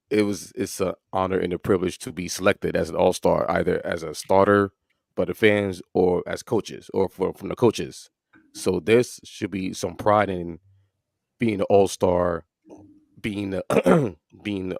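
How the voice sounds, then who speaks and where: Co-hosting a sports podcast, a low-pitched man with vocal fry chats casually and rambles, full of fillers and restarts. The recording is dry and studio quality.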